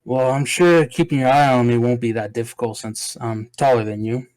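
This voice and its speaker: A man's voice: mid-range voice, fairly even intonation, moderate pace, darkish tone, dry recording, natural voice. A man voicing a smug, mock-friendly male warrior in a tabletop game.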